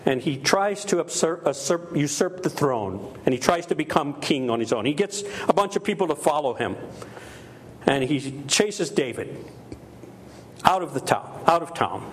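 A man's voice: a little high, lively intonation, a little slow, a little hiss or hum. A middle-aged man preaching a sermon with emphasis, repeating key phrases and acting out quoted voices. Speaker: pastor.

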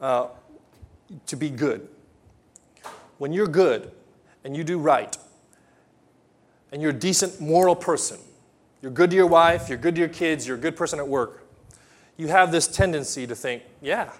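A man's voice: a little high, moderate pace, long pauses. Emphatic preacher man with a lighter voice. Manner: emphatic, swings from hushed to loud voices of imagined people. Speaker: pastor. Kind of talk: sermon.

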